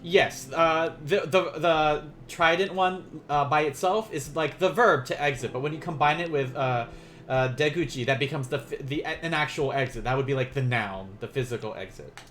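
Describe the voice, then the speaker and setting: A man teaching beginner Japanese in a casual livestream, rambling and self-amused, softly counting out strokes as he writes. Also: fairly high pitch, normal speed, soft background music.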